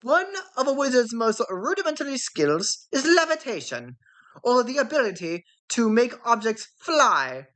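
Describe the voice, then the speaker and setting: A woman voicing a tiny, fussy old male professor in a raised, chirpy voice with drawn-out words. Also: very animated, a bit bright. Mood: instructing. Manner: high-pitched, drawn-out and chirpy.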